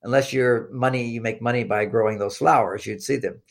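A man's voice: mid-range voice, brisk, gravelly. A man who is a guest in a conversational interview, teaching through personal anecdotes and acting out remembered dialogue, often repeating his first words as he starts a sentence. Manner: animated storyteller who acts out quoted dialogue. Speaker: relationship author and podcast guest.

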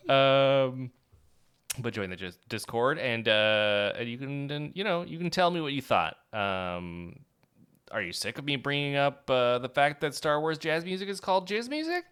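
Playful man with a lively voice. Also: medium pitch, normal speed, clear, resonant tone. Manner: playful and jokey, prone to bits. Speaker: podcast co-host. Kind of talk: casual chat.

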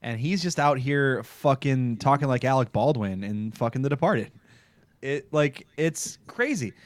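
A man co-hosting a casual podcast, talking about a TV show with friends, animated and laughing often. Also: measured pace, no echo. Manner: animated, laughing, jumps into high voices for quotes. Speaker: podcast co-host.

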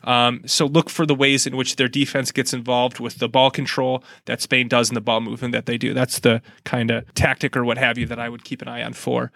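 A man's voice: medium pitch, flat delivery, brisk, gravelly, hardly any pauses, sharp tone, no echo, clean studio sound. A man hosting a casual soccer preview, easygoing and joking while breaking down teams. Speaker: sports podcast host.

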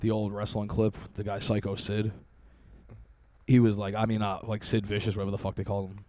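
A man's voice: fairly low pitch, completely flat delivery, brisk, warm tone. A young man hosting a casual podcast, joking crudely in a laid-back way. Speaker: podcast host.

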